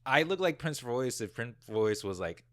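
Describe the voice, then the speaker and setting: A man's voice: medium pitch, big pitch swings, moderate pace, no echo. A young man being interviewed in his own office, laid-back and teasing with a dry humor. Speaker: guest content creator. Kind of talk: casual interview chat.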